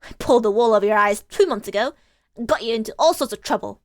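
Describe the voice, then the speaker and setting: A woman's voice: a little high, fast talker, no room sound, studio quality, natural voice. A woman voicing a tough, streetwise young female urchin who speaks bluntly and defiantly. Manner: brusque, defiant.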